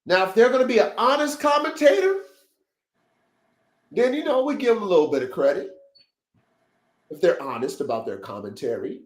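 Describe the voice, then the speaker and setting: A man's voice: sits high, sing-song, moderate pace, long pauses. Emphatic, preachy male podcast host. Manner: emphatic, preachy, repetitive pep-talk with profanity. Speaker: podcast host, dog breeder. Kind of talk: casual livestream podcast talk. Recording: roomy echo.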